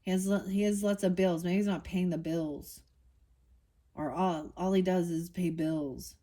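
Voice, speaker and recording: A woman's voice: fairly low pitch, fairly even intonation, a little slow, mellow. A woman giving a casual tarot reading, talking bluntly and getting heated, with swearing and many restarts. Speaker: tarot reader.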